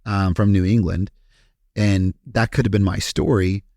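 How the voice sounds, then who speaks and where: Podcast guest from Kentucky, low-pitched man, animated and profane, dry close sound. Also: unhurried, gravelly, dry recording. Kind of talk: casual storytelling interview.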